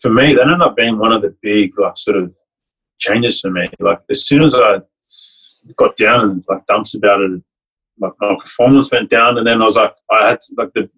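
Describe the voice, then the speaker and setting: Husky-voiced man telling a story. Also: lowish voice, normal speed, a bit bright, rough recording. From Fiji. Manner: rambling and heartfelt, many restarts and "like". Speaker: guest, rugby league player and coach. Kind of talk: casual storytelling chat.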